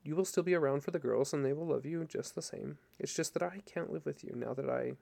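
A man voicing a soft-spoken wife, gravelly. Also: a little high. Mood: regretful. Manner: soft, measured, regretful. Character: wife calmly ending her marriage.

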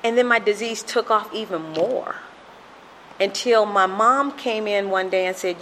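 A woman's voice: medium pitch, unhurried, fairly bright tone, a little hiss or hum, poor audio. Earnest woman telling her testimony. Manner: earnest, storytelling with acted-out quotes. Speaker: speaker sharing a recovery story. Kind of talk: personal testimony.

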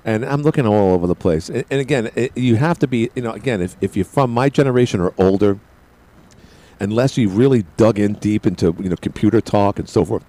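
A middle-aged man hosts a call-in radio talk show, rambling along and often stammering and repeating his words. His voice is lowish, brisk and mellow.

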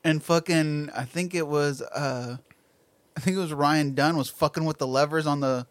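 High-voiced man telling a story, dry sound. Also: moderate pace, no echo. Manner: profane, animated storyteller. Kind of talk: casual podcast chat.

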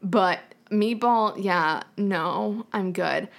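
A woman's voice: mid-range voice, very slow, vocal fry. A young woman co-hosting a podcast in casual chat, frank and opinionated, swearing freely. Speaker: podcast co-host.

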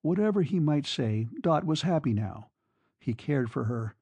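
Steady male audiobook narrator, dark voice. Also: a little high, breathy edge, no room sound, muffled recording. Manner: measured, steady. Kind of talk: scripted narration.

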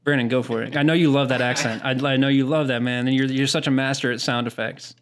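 A man's voice: mid-range voice, steady tone, fast. A man hosting a podcast in a joking, casual way, often restarting his sentences. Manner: joking, repeats words when starting sentences. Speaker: podcast host.

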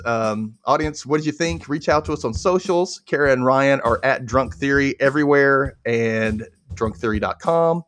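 A man hosting a podcast, giving a chatty, joking recap of a TV episode and jumping into high squeals for quotes. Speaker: podcast host.

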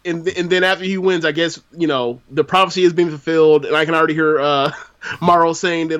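A man's voice: a little high, fairly even intonation, fairly quick, fairly bright tone, clear, resonant tone, muffled recording. A man from Florida, chatting casually on a wrestling podcast, full of fillers and restarts. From Florida, USA. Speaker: podcast co-host.

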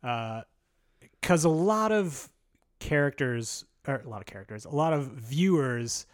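A man's voice: medium pitch, lively intonation, measured pace, dry recording, studio quality. A man hosting a podcast in casual chat, rambling with lots of fillers and swearing. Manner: rambling, filler-heavy, profane. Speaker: podcast host.

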